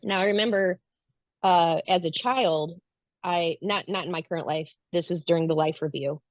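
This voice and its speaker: Low-voiced woman guest, earnest storyteller, dull lo-fi dry recording. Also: normal speed, dry recording. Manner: earnest, acts out her own past lines. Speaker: guest recounting a spiritual experience. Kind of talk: casual personal storytelling.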